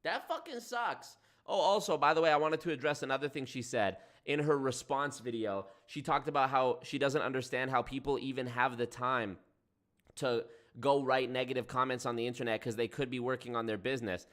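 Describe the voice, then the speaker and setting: Young male streamer, casual and sarcastic, swears freely, mid-pitched voice, loose rambling delivery. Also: steady tone, a little fast, fairly bright tone. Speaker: livestream host.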